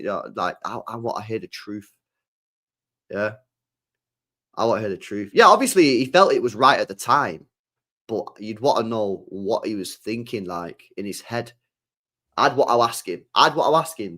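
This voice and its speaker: A young man, hosting a casual football stream, rambling in slangy, animated asides. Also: lowish voice, brisk. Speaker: football channel host. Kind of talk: casual livestream chat.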